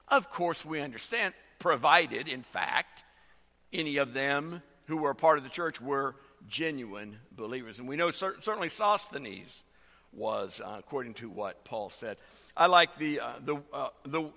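A man preaching a sermon as pastor, halting with many fillers and restarts as he explains a verse. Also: fairly high pitch, bright, forceful tone, in a large hall.

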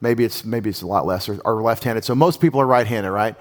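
A man preaching a sermon in a conversational, animated way, often asking his audience questions. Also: lowish voice, a little fast. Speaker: pastor.

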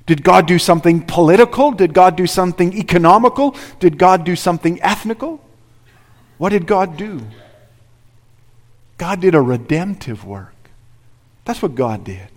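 Man, pastor, sermon, fairly high voice, earnest, rhetorical questions, long church reverb. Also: lively intonation, normal speed. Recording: reverberant hall.

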